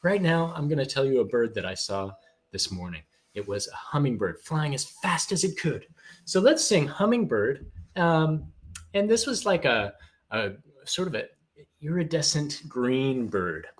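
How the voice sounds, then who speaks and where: A man's voice: mid-range voice, sing-song, a little slow. A man teaching a live online music class for small children, cheerfully talking and singing along in a playful way. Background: guitar strumming.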